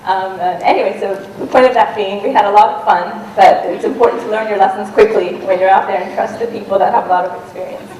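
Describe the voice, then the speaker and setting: A woman's voice: mid-range voice, fairly even intonation, fast talker, few pauses, darkish tone. Woman telling a story in a roomy hall. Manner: conversational, with frequent ums and restarts. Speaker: talk speaker, adventurer. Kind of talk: storytelling talk on stage. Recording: roomy and distant with faint noise.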